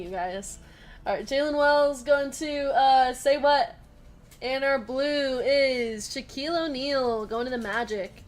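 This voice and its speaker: Giggly lady running a live card break, bit high voice, chatty, reads chat out loud. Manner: giggly, laughs often between card calls. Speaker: host of a trading card break stream. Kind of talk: live stream commentary.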